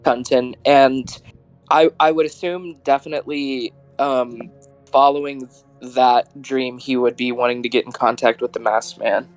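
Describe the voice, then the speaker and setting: Man player, mid-pitched, halting and unsure, lots of ums. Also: fairly even intonation, faint music behind, low-quality recording. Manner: hesitant, many fillers. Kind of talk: tabletop game play.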